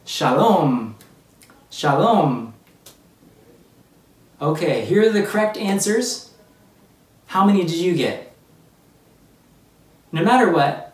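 An upbeat children's church teacher walks kids through a Bible story and chats with them directly. The voice sits at a middling pitch and sounds a little distant from the mic. It carries a roomy echo. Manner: upbeat, speaks straight to children. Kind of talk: kids' Bible lesson. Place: church room.

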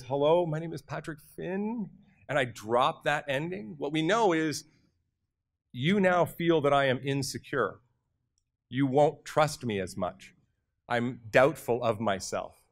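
A man from Canada speaks to a conference audience with energy and directness. His voice sits at a middle pitch, and he often turns to the crowd with quick questions. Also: fairly bright tone. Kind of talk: motivational conference talk. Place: conference hall.

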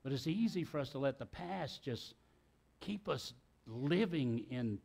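A man's voice: mid-range voice, animated, a little slow, creaky, darkish tone, slightly rough. A middle-aged man, preaching a sermon in a church in a folksy, talkative way with joking asides. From South Carolina, US. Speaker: pastor. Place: church sanctuary.

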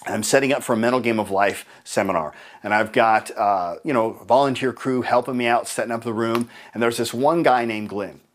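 Animated man telling seminar stories. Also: fairly quick, hardly any pauses. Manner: animated storyteller acting out dialogue in higher voices. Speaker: seminar speaker and trainer. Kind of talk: live seminar talk.

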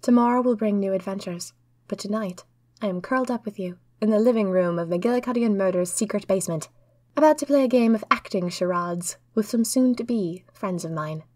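A woman telling a first-person diary story in an earnest, lively way. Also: medium pitch, a little fast, no room sound, studio quality.

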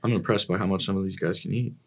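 A man's voice: low voice, steady tone, racing, gravelly. A man who coaches bodybuilders, talking bluntly and enthusiastically in a casual podcast chat, with plenty of swearing.

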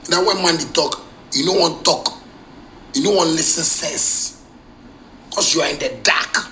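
A man with a Ghanaian Pidgin English accent, a musician ranting heatedly in a live video and bursting into shouts. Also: fairly high pitch, unhurried, a little hiss or hum, rough recording.

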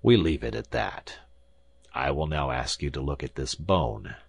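A man voicing a pompous older male professor, scornful, lecturing, very low voice, dry studio. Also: very animated, a little slow, vocal fry, slightly rough, no room sound, heavily acted. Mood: smug.

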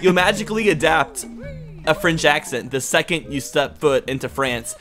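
A man's voice: on the high side, animated, normal speed, sharp tone, soft background music. Joking young man rambling over gameplay. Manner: joking, rambling, crude humor. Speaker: gaming YouTuber. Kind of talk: casual gameplay banter. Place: his bedroom.

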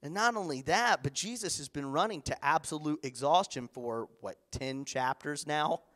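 A man preaching a sermon as pastor in a church, animated, acting out the voices of others. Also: a little high, normal speed.

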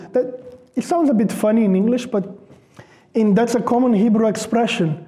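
Very high-voiced pastor. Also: male voice, a little fast. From Brazil. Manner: emphatic, repeats words for stress; lively with rising questions. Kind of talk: sermon. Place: church.

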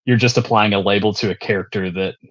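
Husky, laid-back man on muffled audio. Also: on the low side, fairly even intonation, fast talker, fairly bright tone. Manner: laid-back, meandering, searching for words. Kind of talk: casual podcast chat.

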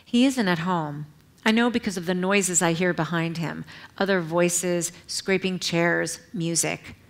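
A middle-aged woman, an author, reading from her own memoir at a public library event in a measured, earnest way, with brief asides to the audience. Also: lowish voice.

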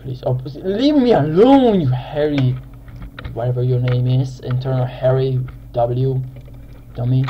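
A young man giving casual gameplay commentary as a channel host, excitable and quick to yell in frustration at other players. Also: mid-range voice, muffled recording, a little hiss or hum.

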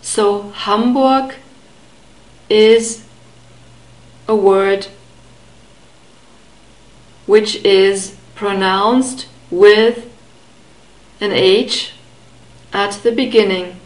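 Slow, careful woman teaching pronunciation. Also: mid-range voice, echoey room, low-quality recording. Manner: careful, deliberate enunciation with repeated model words. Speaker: language teacher.

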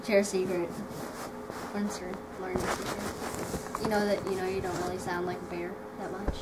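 A woman's voice: mid-range voice, flat delivery, normal speed. A woman hosting a casual home vlog with friends, giggly and rambling as she chats and jokes. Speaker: vlog host. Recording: distant mic with clear background noise.

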